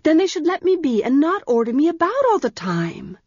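A woman's voice: sits high, sing-song, brisk, darkish tone, dry recording, dull audio, voice pushed up. A woman reading a storybook, voicing a fierce, proud young girl priestess who speaks with haughty scorn.

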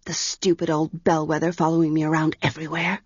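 A woman's voice: sits low, little pitch movement, fairly quick, husky, no echo, dull audio. A woman reading a storybook, voicing a fierce, proud young girl priestess who speaks with haughty scorn.

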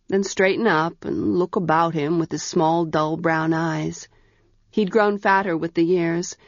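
A woman narrating a storybook aloud in a measured, even way. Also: fairly low pitch, no room sound. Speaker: audiobook narrator. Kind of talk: scripted narration. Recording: dull, dry audiobook recording.

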